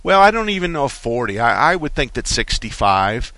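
A man's voice: medium pitch, sing-song, bright, forceful tone, no room sound. Guy hosting a car call-in radio show, folksy, lots of restarts, dry mic. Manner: folksy, explains slowly with many restarts.

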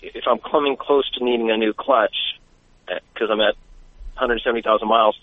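A man's voice: mid-range voice, fairly even intonation, fairly quick, no room sound. Male caller on a tinny phone line. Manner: polite, hesitant questioning. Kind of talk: phone-in question.

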